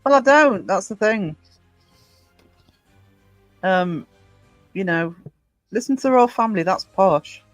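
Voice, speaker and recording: A woman's voice: medium pitch, animated, slow pace, pauses often, no room sound, soft background music, low-quality recording. A woman from Northumberland hosting a livestream, chatting casually and reading out viewers' comments. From Northumberland, England. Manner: chatty, reads chat comments aloud. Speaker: livestream host. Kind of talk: casual chat with live viewers.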